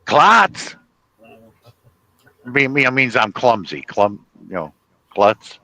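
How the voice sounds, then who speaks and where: A man telling funny stories in a casual chat, animated and rambling, laughing at his own tales. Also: lowish voice, measured pace, no echo, poor audio. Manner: chatty, with many restarts and "you know".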